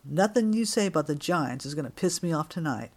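A man's voice: a little high, lively intonation, fairly quick. A man voicing a brash, mouthy drunk young woman who swaggers through tough 1930s slang. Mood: cocky.

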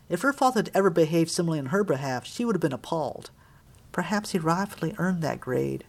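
A woman reading a novel aloud in measured, wry scripted narration. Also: low-pitched, expressive. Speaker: audiobook narrator.

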